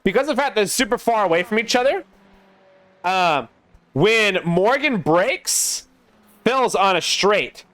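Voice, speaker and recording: A young man casting a sim racing league live, chatty and excitable, talking to his co-caster and to the chat. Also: sits high, a little slow, dry recording. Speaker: race caster.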